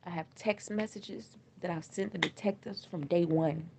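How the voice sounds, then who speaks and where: Gravelly-voiced grieving mother on a livestream. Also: lowish voice, steady tone. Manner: raw, halting, repeats herself. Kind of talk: emotional casual livestream talk. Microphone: phone livestream. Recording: dull lo-fi livestream audio, faint noise.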